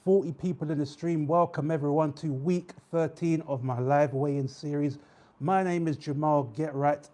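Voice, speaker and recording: A young man hosting a live weigh-in stream, chatting casually with viewers and reading out their names with drawn-out shout-outs. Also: a little high. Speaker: livestream host.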